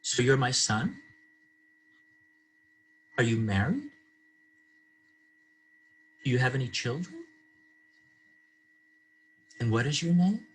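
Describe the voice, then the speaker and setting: A man reading as a confused, gentle old mother. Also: rumbling low, big pitch swings, takes it slowly, long pauses, a little hiss or hum, heavily acted, rough recording. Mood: wondering. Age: older. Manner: repetitive simple questions, affectionate.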